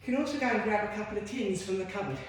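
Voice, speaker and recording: A woman's voice: mid-range voice, rapid-fire, a little hiss or hum. A woman leading a home workout as a fitness instructor, chatty and encouraging with self-deprecating asides. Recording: very echoey room.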